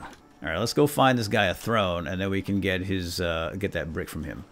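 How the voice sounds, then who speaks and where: A man giving excitable, jokey commentary while playing a video game. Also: low voice, normal speed. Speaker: let's play gamer. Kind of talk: casual gameplay commentary.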